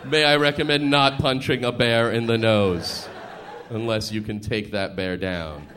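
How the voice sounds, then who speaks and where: A man's voice: medium pitch, steady tone, measured pace. A male stand-up comedian riffing with the audience, chatty and laughing as he goes. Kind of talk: stand-up with crowd work. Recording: live stage recording with clear noise.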